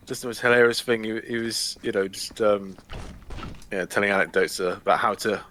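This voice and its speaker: Chatty man, bright voice. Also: on the low side, steady tone, a little fast, slight background noise. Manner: chatty, joking, rambling. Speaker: gaming channel host. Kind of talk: casual chat while playing.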